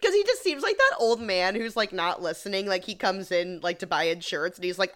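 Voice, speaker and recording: A woman's voice: mid-range voice, expressive, brisk, few pauses, a bit bright. Chatty sarcastic woman co-host. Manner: chatty, sarcastic, many "like"s, laughs while retelling. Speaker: podcast co-host. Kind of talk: casual recap chat.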